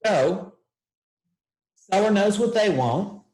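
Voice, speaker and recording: A man's voice: sits high, slow, echoey room, rough recording. An older man teaching real estate investing, telling a story and acting out the dialogue. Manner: animated storyteller, acts out dialogue.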